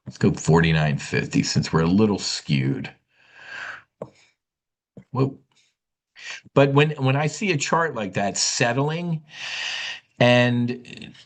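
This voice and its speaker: A man hosting a live options trading webinar, animated and blunt, scolding and repeating himself as he talks through trades. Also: sits low.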